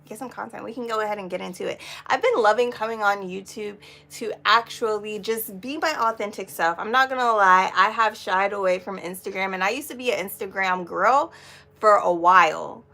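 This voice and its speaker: A woman's voice: medium pitch, gravelly, sharp tone. A young adult woman chatting casually on a live stream, rambling, swearing freely and laughing often. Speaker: vlogger.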